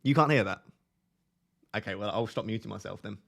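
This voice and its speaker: A man's voice: fairly low pitch, brisk, creaky, fairly bright tone. Essex-accented man, young adult, casual livestream chat, talking to viewers, close microphone. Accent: Essex English. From Essex, England. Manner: chatty, reads and answers viewer chat. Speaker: livestream host. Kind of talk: casual live stream chat. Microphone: close desk microphone.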